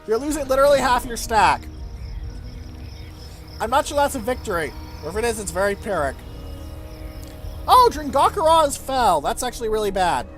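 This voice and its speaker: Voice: mid-range voice, sing-song, brisk. A let's-play host talks through a strategy game in a casual, wry way, the voice swinging widely up and down. When something goes wrong, the talk turns into incredulous, repeated questions. Faint game music plays underneath. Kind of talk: casual gameplay commentary.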